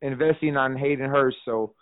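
A man's voice: medium pitch, normal speed, no room sound. Man on a tinny, phone-like line. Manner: loose and animated, lots of fillers and restarts, swears freely. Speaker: fantasy football podcast co-host. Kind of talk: casual podcast chat. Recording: dry, phone-like narrow sound.

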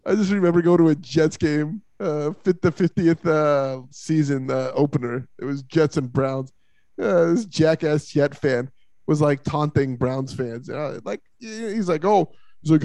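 A man co-hosting a casual sports talk show, telling loud, rambling, mocking stories. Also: a little high, moderate pace, dry recording. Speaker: co-host.

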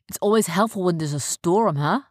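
A woman's voice: lowish voice, fairly quick, no room sound, studio quality, lightly acted. A woman voicing boastful male pirate thieves, chatty, gloating.

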